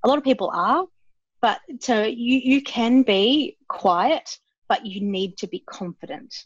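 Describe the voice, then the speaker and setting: A woman co-hosting a business podcast, who talks in a bold, animated way about branding and marketing. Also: fairly high pitch, measured pace, slightly rough, no room sound, dull audio. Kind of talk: casual business chat.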